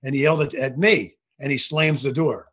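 An older man, a former referee, telling animated anecdotes in a casual interview, with frequent restarts. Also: medium pitch, a little fast, husky. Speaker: guest, former basketball referee.

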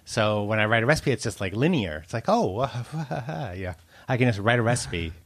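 A man's voice: fairly low pitch, lively intonation, moderate pace. A man, a food writer, chatting casually as an interview guest, rambling with lots of likes and ums. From United States. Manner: chatty, laughs often, many likes and ums.

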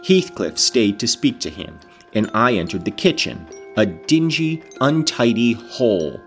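A man's voice: lowish voice, sing-song, measured pace, faint music behind. A man reading a novel aloud, breaking off to explain passages and react with casual, sometimes profane comments. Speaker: audiobook reader.

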